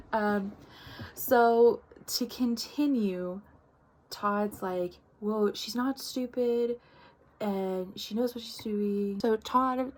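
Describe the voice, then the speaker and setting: A woman giving a casual book recap, chatty and full of asides, acting out the characters as she goes. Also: mid-range voice. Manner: chatty, many likes and quoted asides, acts out characters. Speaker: book reviewer.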